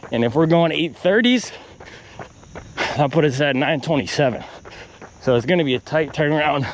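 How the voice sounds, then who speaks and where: A man with a voice on the high side records a vlog outdoors while running, ranting animatedly and calculating his pace aloud. A little hiss or hum sits under the recording.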